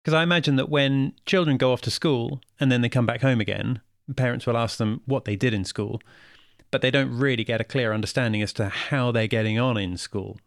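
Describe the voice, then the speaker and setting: A man's voice: medium pitch, brisk, gravelly, no room sound, studio quality. A man hosting a podcast, chatting casually and asking questions with friendly, self-aware asides. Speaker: podcast host.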